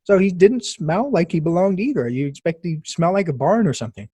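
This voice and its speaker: A man's high, dark-toned voice carries a breathy edge and lively intonation as he talks fairly quickly, hosting a podcast. Casual and emphatic, he tells chatty stories with asides to the listener, captured with no room sound.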